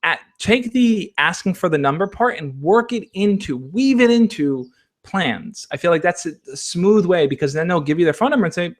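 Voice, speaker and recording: A man with a slightly raised voice hosts a relaxed Q&A stream. He gives encouraging, coach-like advice and keeps checking in with the people listening. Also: high-pitched, a little fast. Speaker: advice channel host. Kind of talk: casual Q&A livestream.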